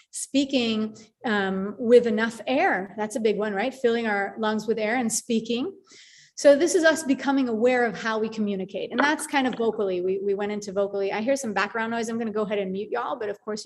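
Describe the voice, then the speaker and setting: A woman hosting a live online group call, talking in a chatty, animated way with many fillers and restarts. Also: on the high side. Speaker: call host.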